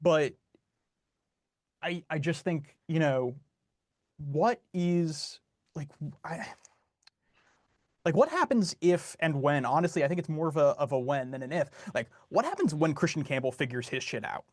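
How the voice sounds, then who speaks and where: A man co-hosting a podcast in casual sports chat, halting and filling his speech with "like" as he vents his frustration. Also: a little high, lively intonation, no room sound, clean studio sound. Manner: halting, heavy use of "like", frustrated. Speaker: podcast co-host.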